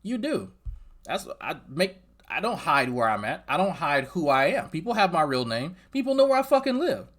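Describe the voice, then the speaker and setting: Mocking, profane commentary host. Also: male voice, fairly high pitch, big pitch swings, normal speed, fairly bright tone. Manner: profane, mocking, talks straight at the clip's subject. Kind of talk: reaction commentary.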